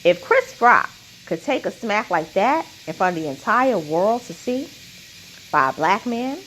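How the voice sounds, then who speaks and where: A woman's voice: mid-range voice, big pitch swings, a little slow, fairly bright tone, slight background noise, poor audio. A woman giving an opinionated commentary monologue, emphatic and repeating her points with a questioning "okay?".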